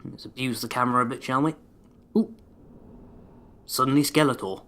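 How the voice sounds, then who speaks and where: Sweary, sarcastic gamer. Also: male voice, mid-range voice, moderate pace, a bit bright. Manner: sarcastic, sweary running banter. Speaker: let's play host. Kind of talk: gameplay commentary.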